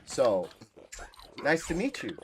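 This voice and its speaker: A man's voice: medium pitch, wildly swooping pitch, takes it slowly, slight background noise. A man from Massachusetts hosting a gaming livestream, chatting casually and rambling with his viewers, switching freely into Spanish. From Massachusetts, USA. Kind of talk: casual chat with live chat viewers.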